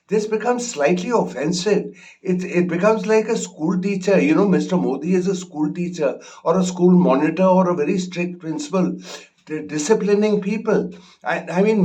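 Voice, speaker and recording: A man giving casual spoken political commentary, halting with many fillers and restarts. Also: high-pitched, a little mellow.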